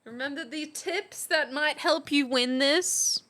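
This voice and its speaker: A young woman streaming live, hosting a playful mock class in a casual chatty way, laughing often and exclaiming with excitement. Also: sits high, slow pace.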